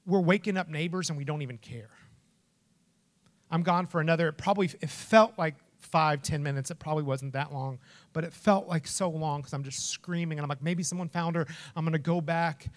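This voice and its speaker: Male pastor, middle-aged, high voice, animated storytelling sermon, acts out quotes. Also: brisk. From Texas.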